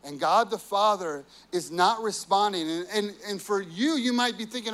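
A man's voice: sits high, moderate pace, few pauses, fairly bright tone. A man preaching a sermon, earnest and personal, telling family stories with frequent "you know"s. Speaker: pastor.

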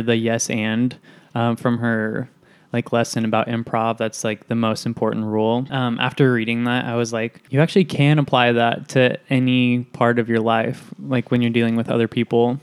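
A man reading questions aloud in a casual book discussion group, then answering earnestly and poking a little fun at himself. His voice is smooth and clear. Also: mid-range voice. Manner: earnest, self-deprecating.

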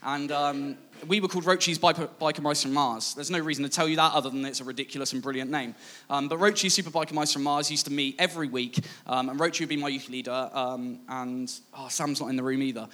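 A man's voice: mid-range voice, fairly even intonation, fast talker, pushed and bright. A man preaching a sermon, in a conversational, self-mocking way that acts out past dialogue. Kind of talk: sermon with personal storytelling.

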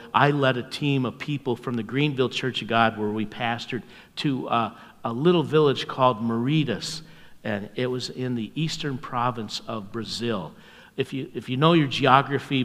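An older man preaching as a pastor, telling stories in a folksy, chuckling way and dropping to a hushed voice at tender moments. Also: mid-range voice, big-room sound. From North America. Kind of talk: storytelling sermon.

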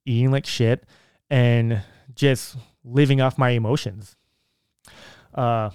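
A man of middle pitch with a smooth, resonant voice rambles through personal stories, restarting sentences and giving earnest advice. The recording is dry and close, with no room echo. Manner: rambling, with frequent restarts and filler words. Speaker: vlogger. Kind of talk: casual personal storytelling.

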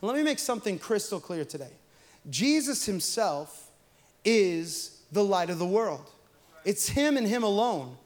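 A young adult man, a pastor preaching a sermon in a chatty storytelling way that builds to shouted emphasis. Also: high voice, sing-song, unhurried.

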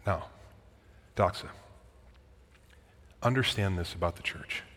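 A man's voice: deep voice, slow, fairly bright tone. A man preaching a sermon as pastor, earnest and emphatic, with casual asides to the congregation. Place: church sanctuary. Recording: church hall reverb.

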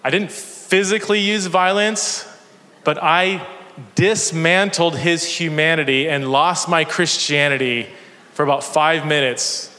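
A man's voice: fairly high pitch, steady tone, a little slow, sharp tone. A man preaching a sermon in a church, telling stories with energy and self-deprecating humor. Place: church sanctuary. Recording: long church hall reverb.

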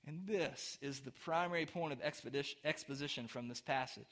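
A man's voice: medium pitch, a little fast, fairly bright tone. A man preaching a sermon as pastor, talking conversationally with the congregation and building to emphatic, rising peaks.

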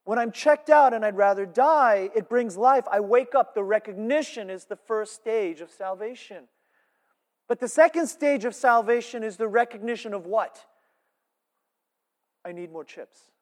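High-voiced preacher in a ringing hall. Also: male voice, moderate pace. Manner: animated, shifts between loud emphasis and hushed asides. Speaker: pastor. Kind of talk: sermon. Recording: reverberant church hall.

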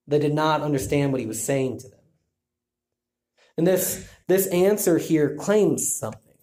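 A man's voice: on the high side, normal speed, warm tone. Man teaching scripture, echoey room. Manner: thinking aloud with restarts. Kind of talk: bible teaching talk.

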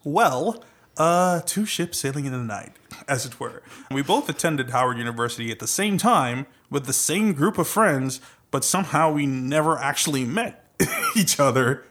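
A man's voice: a little high, lively intonation, normal speed, a bit bright. A young man from Trinidad and Tobago who speaks with an American accent, co-hosting a podcast and telling a story in a wry, self-deprecating way. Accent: American, Trinidadian roots. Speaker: podcast co-host. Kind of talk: casual chat.

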